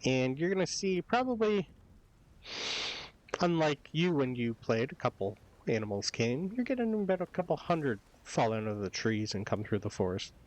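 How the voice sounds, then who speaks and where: Game master, man, animated delivery, rambling, hesitant narration. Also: medium pitch, normal speed, muffled recording.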